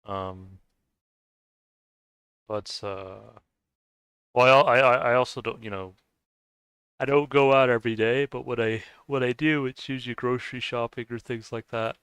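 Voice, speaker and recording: A man's voice: medium pitch, fairly even intonation, measured pace, long pauses, a bit bright, clean tone, no room sound. A man streaming a game and chatting casually, rambling and hesitant, with many fillers, restarts and frequent laughs. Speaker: gaming streamer. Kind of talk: casual chat while playing a game. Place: lives in the US.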